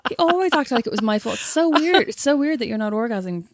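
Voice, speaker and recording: A young Irish woman co-hosting a podcast, telling a story in a lively, self-mocking way. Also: fairly high pitch, quick pace, no room sound, studio quality. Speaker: podcast co-host. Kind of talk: casual chat, storytelling.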